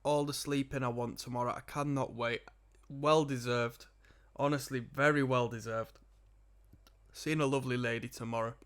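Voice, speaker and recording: A man's voice: mid-range voice, steady tone, moderate pace, a bit bright. Chatty man reacting to music. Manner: laid-back, chatty, rambling asides. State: tired. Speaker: album reaction host. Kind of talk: casual music reaction commentary.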